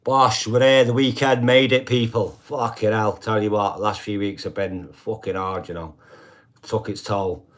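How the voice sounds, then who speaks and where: A man's voice: on the low side, steady tone, normal speed. An older man, chatting casually on a live stream, rambling and swearing constantly and checking in with the listeners every few lines. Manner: rambling, heavy swearing, constant "do you know what I mean".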